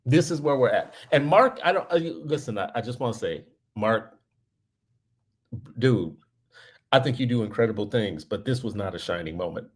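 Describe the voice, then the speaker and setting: Guy on a podcast ranting, animated storyteller, medium-pitched voice, gets worked up. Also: moderate pace, husky. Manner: animated storyteller, heated and emphatic. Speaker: podcast co-host. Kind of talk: casual commentary chat.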